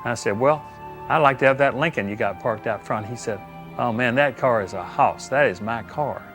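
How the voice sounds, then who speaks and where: A man's voice: medium pitch, normal speed, music in the background. A man telling a story and quoting a conversation back and forth. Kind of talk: anecdotal storytelling.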